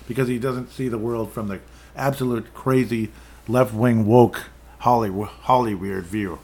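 A man's voice: fairly low pitch, steady tone, moderate pace, a little mellow, a little hiss or hum. A man hosting his own show, talking through news items in a rambling, sarcastic way with many restarts. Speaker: podcast host. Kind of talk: casual political commentary.

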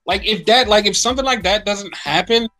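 A man's voice: high-pitched, fairly quick, sharp tone, soft background music. A man co-hosting a podcast, chatting casually and animatedly about wrestling, swearing often and acting out rants. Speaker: podcast co-host.

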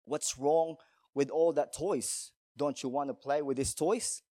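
A man's voice: on the high side, fairly even intonation, a little slow, warm tone, no echo, studio quality, lightly acted. A man voicing a baffled male child psychologist in a sermon story, asking puzzled questions.

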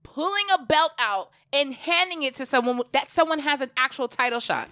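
A woman's voice: high-pitched, fairly quick, bright, forceful tone. A woman co-hosting a casual podcast, talking bluntly and swearing as she rants. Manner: blunt, exasperated, swears often. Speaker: podcast co-host.

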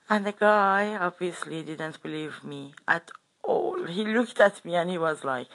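A woman's voice: sits low, a little slow, gravelly, fairly bright tone. A woman telling a personal story in a casual way, hesitant, with fillers and self-corrections.

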